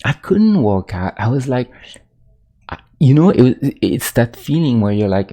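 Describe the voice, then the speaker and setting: A man streaming his pixel art, chatting casually about movies in a rambling, halting way full of restarts that turns animated. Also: medium pitch, breathy edge. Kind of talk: casual chat while drawing on stream.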